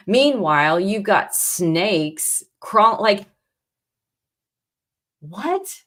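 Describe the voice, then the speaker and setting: A woman's voice: on the high side, animated, takes it slowly, pauses often, fairly bright tone. A young adult woman hosting a casual livestream, rambling and exasperated, with many restarts and fillers, greeting viewers from the chat. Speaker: livestream host.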